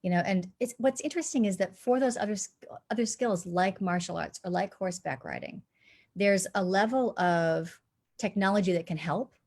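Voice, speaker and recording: A woman dialect coach explaining accent work on a live panel, animated and demonstrating sounds as she talks. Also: medium pitch, moderate pace.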